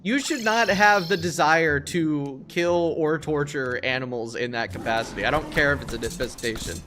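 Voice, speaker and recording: A man's voice: a little high, normal speed, over music. A man streaming a video game live, talking to chat in a profane, exasperated rant. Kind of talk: live gaming stream commentary.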